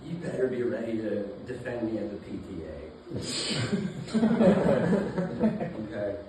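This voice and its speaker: Slow deadpan man doing stand-up. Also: medium pitch, slight background noise. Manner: deadpan, halting with many uh fillers. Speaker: stand-up comedian. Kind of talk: stand-up set. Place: comedy club stage. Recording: roomy club sound from a distance, audience laughter. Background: audience laughing.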